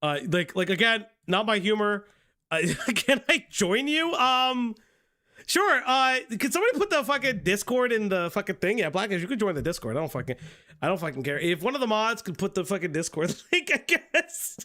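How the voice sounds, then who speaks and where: A man hosting a live-stream drama commentary in a casual, profane way, with restarts and a voice going hoarse. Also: high-pitched, very animated, normal speed, sharp tone. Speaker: streamer host.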